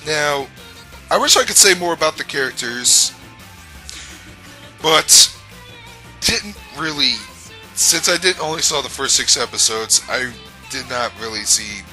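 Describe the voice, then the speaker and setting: A man's voice: fairly high pitch, animated, a little slow, long pauses, bright, forceful tone, faint music behind, poor audio. A man giving a casual review rant, rambling, blunt and profane, with frequent restarts. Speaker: anime reviewer.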